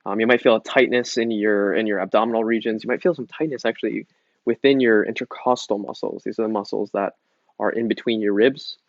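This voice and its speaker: A man's voice: fairly low pitch, a little fast, no echo. Casual male yoga teacher, easygoing and joking, dry muffled recording. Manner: relaxed and chatty, jokes around, restarts often. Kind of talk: casual guided breathing lesson.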